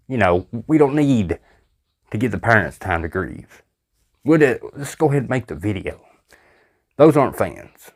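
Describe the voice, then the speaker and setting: A man's voice: lowish voice, sing-song, moderate pace. A man hosting a reaction video, giving angry, sarcastic commentary. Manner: exasperated, sarcastic.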